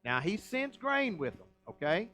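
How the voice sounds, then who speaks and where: A man's voice: sits high, big pitch swings, normal speed, pushed and bright, low-quality recording. A middle-aged man, a pastor teaching a Bible study sermon and asking the congregation questions as he retells the story.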